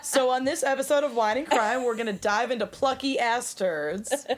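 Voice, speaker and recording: A woman's voice: on the high side, moderate pace. A woman co-hosting a true crime podcast, joking and laughing in a casual chat. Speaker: podcast co-host.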